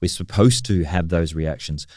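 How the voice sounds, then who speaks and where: A man's voice: low-pitched, moderate pace, a little mellow, no echo, studio quality. A man co-hosting a podcast, talking in a reflective, thoughtful way with frequent restarts. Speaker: podcast co-host. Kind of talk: casual discussion.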